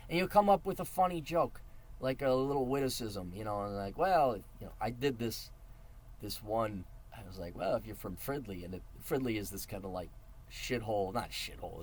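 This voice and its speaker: A man's voice: medium pitch, a little mellow. A middle-aged man giving advice in a casual monologue, blunt and profane with a mocking edge.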